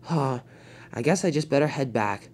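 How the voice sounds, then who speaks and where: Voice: mid-range voice, animated, moderate pace, a little mellow, husky. Narrator voicing a fretful little tank engine. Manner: fretful, apologetic. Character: small anxious tank engine hero. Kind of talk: fan toy-train storytelling.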